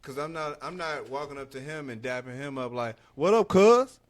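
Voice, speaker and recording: A man hosting a casual podcast, telling stories in an animated way and mimicking other people's voices. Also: medium pitch, a little fast. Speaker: podcast host.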